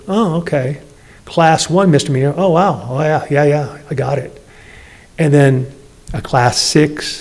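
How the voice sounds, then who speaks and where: Police chief explaining at a council meeting. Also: male voice, on the high side, darkish tone. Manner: measured, explanatory, uses plain examples. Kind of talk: answering questions at a public meeting.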